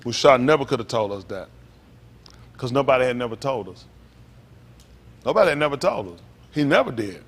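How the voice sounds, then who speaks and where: A man delivers a sermon as pastor. He alternates between slow, deliberate scripture reading and lively call-and-response commentary, often pushing up into emphatic, questioning exclaims. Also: mid-range voice. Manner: reads scripture aloud slowly between comments.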